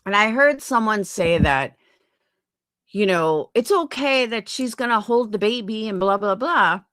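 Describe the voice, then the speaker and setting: A woman's voice: medium pitch, lively intonation, unhurried, fairly bright tone, no echo, studio quality. A woman streamer ranting angrily on a live stream, swearing often and firing rhetorical questions. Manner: angry, profane, rhetorical questions.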